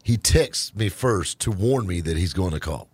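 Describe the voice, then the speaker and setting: A male radio host tells stories in a joking, animated way. His voice sits low and has a husky edge, and his pitch rises and falls widely. The studio sound is dry and close. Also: normal speed, no echo. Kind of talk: casual on-air banter.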